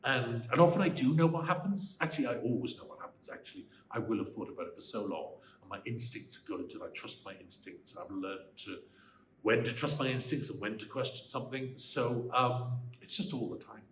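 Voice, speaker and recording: Welsh man, 60s, mid-pitched voice, animated and emphatic, interview answers, roomy echo. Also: a little fast. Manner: animated, emphatic, ranting in bursts. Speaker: screenwriter. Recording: roomy echo, faint background noise.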